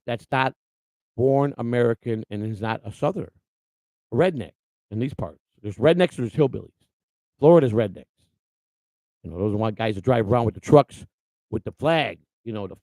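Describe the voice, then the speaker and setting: A man's voice: medium pitch, dark tone, no echo, low-quality recording. A man hosting a livestream who talks casually in a rambling, blunt way with many restarts. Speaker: host.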